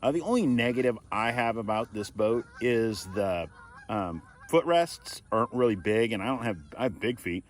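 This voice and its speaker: A middle-aged man chatting easily from a kayak on a lake, giving tips to viewers on an action camera. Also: medium pitch. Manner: easygoing, chatty, jokey. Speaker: kayak vlogger. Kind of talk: casual outdoor vlog commentary.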